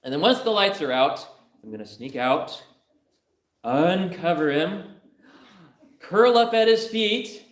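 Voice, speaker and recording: A giddy teenage girl, bubbling over with excitement and chattering in a high, breathless rush, as a male preacher puts her on. The voice rings through a roomy church hall. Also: takes it slowly, pauses often.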